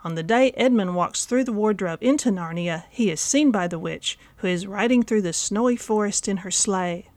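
A woman host presents a book review from a script, her delivery measured and clear. The recording is dry and close, with an even, mid pitch. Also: no echo. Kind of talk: scripted narration.

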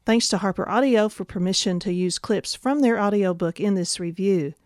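Female review host, scripted, measured, dry close read. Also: mid-range voice, a little mellow, no room sound. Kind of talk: scripted narration.

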